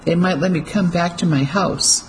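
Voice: medium pitch, fairly even intonation, moderate pace, a little hiss or hum, close to an everyday voice, poor audio. A storyteller voicing a snobbish male aristocrat who speaks perplexed, then coldly, in an audiobook. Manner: perplexed, cold.

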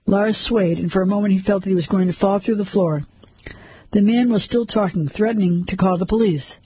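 A man narrating a crime story like an audiobook, measured and suspenseful. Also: high-pitched, mellow, slightly rough, no echo, low-quality recording.

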